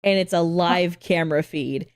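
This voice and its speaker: A woman hosting a video reaction, chatting casually as an animated storyteller who laughs often and swears freely. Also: fairly low pitch, moderate pace, no room sound, studio quality. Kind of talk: casual chat.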